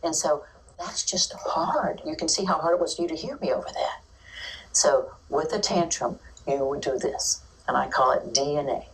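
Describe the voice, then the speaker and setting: A woman giving an informal talk on caring for toddlers, lively and acting out the voices of children and teachers. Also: sits low, a little fast, recorded from a distance, rough recording.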